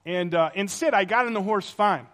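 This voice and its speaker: A male pastor preaching a sermon, telling stories in an animated, conversational way. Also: sits high, normal speed.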